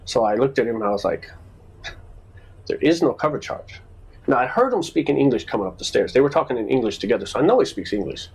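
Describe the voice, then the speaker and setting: Man, casual podcast co-host, husky voice, animated storyteller. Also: mid-range voice, racing, few pauses, low-quality recording. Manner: animated storyteller acting out quoted exchanges.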